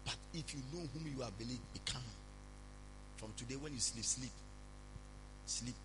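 A man preaching a sermon, speaking calmly and reassuringly to his congregation. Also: mid-range voice, normal speed, background noise. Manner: preaching, shifts from loud prayer to calm counsel. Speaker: pastor.

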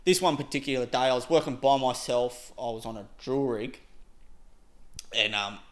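A man's voice: mid-range voice, moderate pace. A young man casually telling a story on a podcast, rambling with lots of "like" and frequent laughs.

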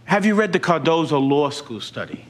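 A defense attorney in a TV drama cross-examines a detective. He talks in a formal, pressing way with a fairly high, lively voice that rises and falls as he pushes each point. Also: moderate pace.

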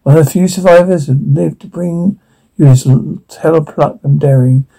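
A man voicing a swaggering male frontier showman with quick, theatrical patter. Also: on the high side, gravelly, warm tone, poor audio. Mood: boastful.

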